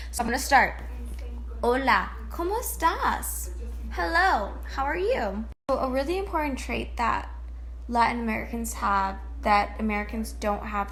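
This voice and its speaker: A young adult woman giving a playful, tipsy comedic language lesson on her vlog, swearing and breaking into sudden loud outbursts. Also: fairly high pitch. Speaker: vlogger.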